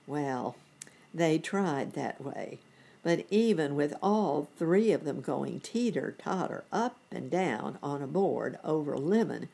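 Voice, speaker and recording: Slow, husky-voiced woman storyteller. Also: low voice, expressive. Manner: gentle, chatty asides to the listener. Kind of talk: reading a bedtime story to children.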